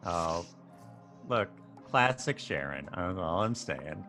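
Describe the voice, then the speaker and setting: Brief: male player, low and very slow, swooping lively intonation, joking, faint music. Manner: joking, drawn-out. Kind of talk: casual tabletop play.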